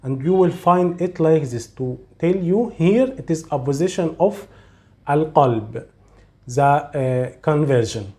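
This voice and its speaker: Male teacher, slow and patient, mellow tone, repeats sounds to demonstrate. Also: fairly high pitch, animated. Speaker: Arabic teacher. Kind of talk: slow, step-by-step recitation lesson.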